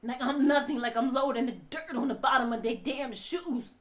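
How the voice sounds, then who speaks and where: A high-pitched woman tells her own story in tears. She swings between near-whispers and loud, forceful outbursts, and her voice stays raw and impassioned throughout. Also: brisk. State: crying. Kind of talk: emotional personal testimony.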